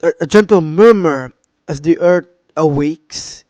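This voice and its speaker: A man's voice: on the high side, dark tone, dry recording, close to an everyday voice. A man voicing a nervous male poet reciting, stumbling and restarting his lines. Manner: halting, stumbling over words. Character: nervous young male poet at an open mic.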